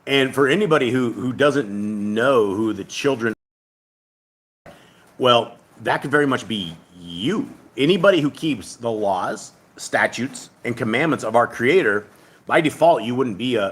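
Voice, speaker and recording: A man's voice: mid-range voice, animated, normal speed, fairly bright tone. A man hosting a casual livestreamed Bible study, reading scripture aloud and explaining it in a rambling, conversational way.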